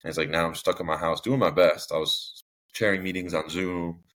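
Young guy with a super deep voice, rambling through his own story on a podcast, lots of restarts. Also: little pitch movement, fairly quick, fairly bright tone. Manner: rambling, with frequent restarts and fillers. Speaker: podcast guest. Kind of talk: candid personal storytelling.

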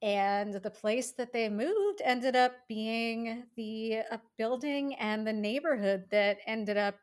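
A woman's voice: on the high side, slow. Amused woman telling history. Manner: tells researched history in an easy, amused way, laughs often. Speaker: podcast co-host. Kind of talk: casual history podcast chat.

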